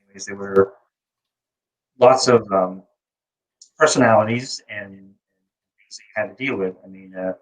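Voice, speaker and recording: A man's voice: fairly low pitch, moderate pace, pauses often, recorded from a distance, rough recording. A man co-hosting a casual chat, talking hesitantly with many fillers. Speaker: co-host. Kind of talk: casual conversation.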